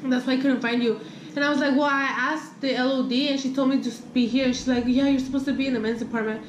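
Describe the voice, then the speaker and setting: A woman's voice: high voice, quick pace, roomy sound, slight background noise, rough recording. A young woman telling a casual storytime. She swears freely, switches between English and Spanish, and acts out what people said. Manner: animated retelling with quoted dialogue. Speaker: vlogger.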